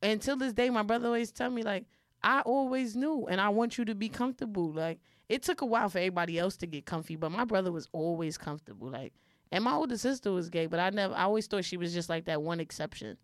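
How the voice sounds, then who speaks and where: A woman in casual conversation, telling a personal story in an animated, profane way and acting out the voices of others. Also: lowish voice, fast talker, dry recording, clean studio sound.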